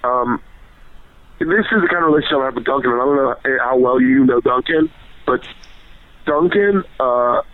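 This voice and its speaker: A man telling stories in casual chat as a podcast guest, rambling, excitable and full of swearing. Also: mid-range voice, normal speed, pauses often, no echo. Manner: profane, rambling, excitable storytelling. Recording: tinny phone-line sound.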